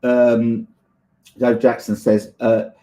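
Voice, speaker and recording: A man hosting a livestream speaks slowly in a warm, mid-range voice with flat delivery. He reads chat and answers viewers casually, with lots of fillers and laughter.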